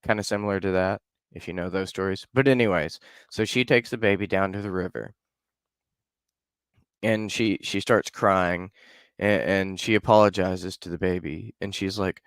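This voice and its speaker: A man's voice: low-pitched, fairly even intonation, moderate pace, clean tone, no echo, clean studio sound. A man casually retelling a folk tale as a podcast host, loose and conversational with frequent fillers. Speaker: podcast storyteller. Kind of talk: casual storytelling.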